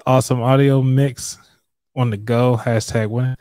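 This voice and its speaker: A man's voice: mid-range voice, flat delivery, a little slow, mellow, clear, resonant tone, dry recording, studio quality. A man hosting a casual live chat about finances, chatty and full of fillers as he talks to viewers. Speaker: livestream host. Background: light background music.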